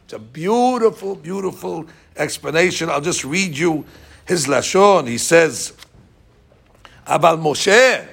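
A man teaching a Torah lesson, acting out the dialogue he quotes with lively swings in his voice. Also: slow pace, creaky, husky. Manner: animated, acts out quoted dialogue with rising pitch.

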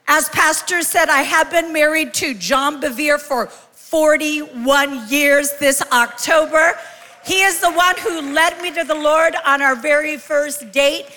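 A woman in her sixties giving a lively, joking live sermon as a guest speaker, calling out to the congregation in a large church. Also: high voice. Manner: lively, joking, calls out to the crowd. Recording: long hall reverb from a live church.

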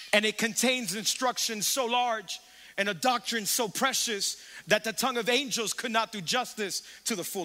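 High, bright-voiced preaching man. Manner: animated preaching with audience call-and-response. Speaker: pastor. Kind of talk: sermon. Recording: reverberant church hall.

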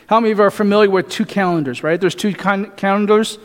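A man's voice: high voice, fast. A male pastor preaching a sermon, asking the congregation rhetorical questions and often adding "right?". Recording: echoey hall reverb.

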